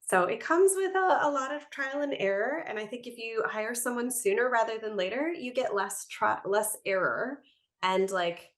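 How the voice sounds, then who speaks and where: A woman guest on a podcast, chatting casually and telling her stories in a lively way, often breaking into laughter. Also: a little high, moderate pace. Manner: animated storyteller, laughs often. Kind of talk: casual conversation.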